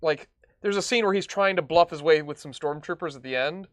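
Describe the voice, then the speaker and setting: Higher-voiced chatty male podcaster. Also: a little fast, no room sound, studio quality. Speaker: podcast co-host. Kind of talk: casual chat.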